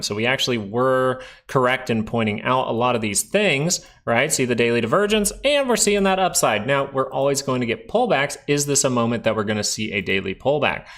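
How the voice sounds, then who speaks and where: A man's voice: medium pitch, a bit bright. A young man hosting a casual stock market livestream, chatting loosely and talking straight to his viewers in the chat. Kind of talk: casual live-stream market commentary.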